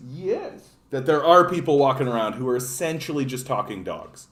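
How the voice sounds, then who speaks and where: Hosting a casual political livestream, a Canadian man speaks at an ordinary middle pitch with an expressive, fairly bright tone and moderate pace. He rants with lots of profanity and keeps breaking off to greet viewers in the chat.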